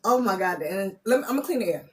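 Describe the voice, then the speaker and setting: A woman reading spiritual messages on a live stream, loud and playful, laughing often as she teases her viewers. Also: mid-range voice, expressive, quick pace, slight background noise. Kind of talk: casual live-stream chat.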